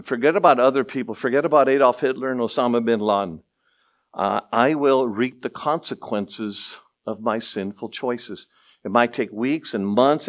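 A middle-aged male pastor preaching a sermon, conversational, with asides and rhetorical questions, swinging from low murmurs to excited raised passages.

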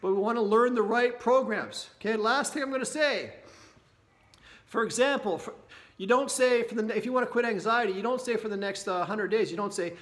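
A man from Canada giving an energetic motivational talk to camera about an anxiety workshop, often checking in with his listeners. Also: sits high, fairly quick. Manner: energetic, keeps checking in with "right?" and "okay?".

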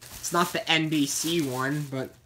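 A man's voice: on the high side, fairly even intonation, measured pace, pushed and bright, slight background noise. A man casually rambling through a show-and-tell of his plush toy collection, chatty and meandering, often repeating himself.

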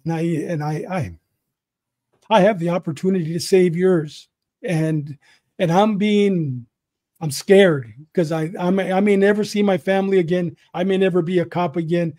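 A middle-aged man with a fairly high but mellow voice tells a deeply personal story in an earnest, repetitive way. He slips into remembered conversations as he goes. The recording is dry and close. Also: moderate pace, no room sound. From Southern California. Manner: earnest, repeats himself, acts out both sides of remembered dialogue. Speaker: guest, retired police detective.

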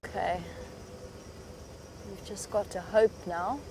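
A woman's voice: medium pitch, steady tone, takes it slowly, noisy background. A woman safari guide giving chatty live commentary from an open vehicle in the bush. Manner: chatty and hopeful, hushed when near animals.

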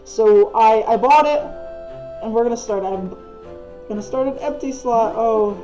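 A woman's voice: a little high, lively intonation, normal speed, highs cut off, over music. A woman giving casual, gushing gameplay commentary as a let's play gamer. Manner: gushing, easily delighted.

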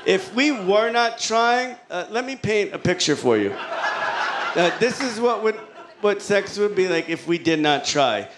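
A man performing a stand-up comedy set, with a slow, deadpan, soft-spoken delivery that jumps suddenly up in pitch. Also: background noise. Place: comedy club stage with audience. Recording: live audience laughter behind.

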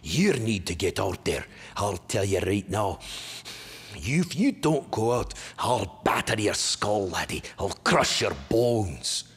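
A comedian voicing his burly, gruff Scottish stepfather, with a put-on Scottish accent and slow threatening delivery. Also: lowish voice, sing-song, a bit bright, in a large hall, heavily acted. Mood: menacing.

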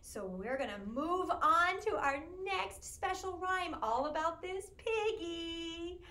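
A woman's voice: very high-pitched, animated, takes it slowly, bright, forceful tone. A woman from Georgia, a children's music teacher leading a live-streamed class in a sing-song, encouraging way.

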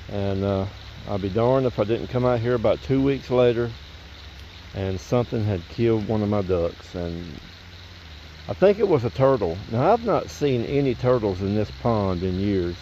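Filming outdoors beside a pond, a male vlogger chats with his viewers in a rambling, folksy way. His voice is fairly low and dark-toned, and the dull, lo-fi camera audio carries a little hiss or hum.

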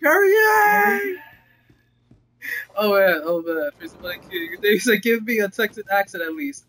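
A man's voice: high voice, quick pace, fairly bright tone, low-quality recording. A man hosting a casual gaming livestream, reading chat aloud, laughing often and blessing viewers in churchy phrases.

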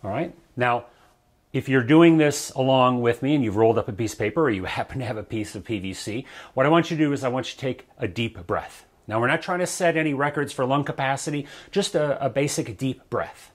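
A man teaching a breath-control exercise for brass players in a relaxed, conversational way, often checking in with the listener. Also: mid-range voice, a little fast. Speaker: trombone coach. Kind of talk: instructional video talk. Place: his studio.

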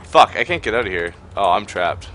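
A man's voice: sits low, expressive, a little fast, sharp tone, soft background music. A man streaming a survival game, chatting casually with friends, laid-back and swearing and laughing often. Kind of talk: casual gaming chat.

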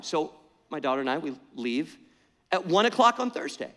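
A middle-aged man preaching a sermon, telling an animated, self-mocking story in a conversational way. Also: on the high side, moderate pace. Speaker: pastor. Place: church sanctuary. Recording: church hall reverb.

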